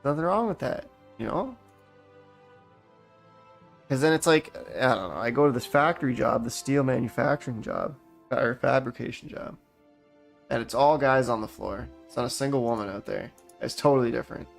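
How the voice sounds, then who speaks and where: A man's voice: mid-range voice, brisk, creaky, faint music behind. A young man from Canada rambling through a profane, heated story while gaming, often restarting his sentences. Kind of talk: casual rant while gaming.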